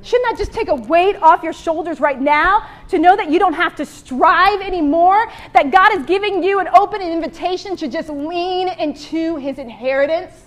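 A woman preaching a sermon, reading scripture aloud and speaking with strong emotion, her loudness rising and falling. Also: extremely high pitch, moderate pace, hardly any pauses. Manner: emotional, exclamatory, rises and drops in loudness.

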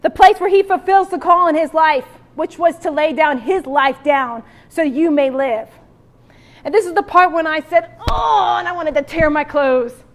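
A woman pastor preaching a sermon with animated asides and calls to the congregation. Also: sits high, normal speed.

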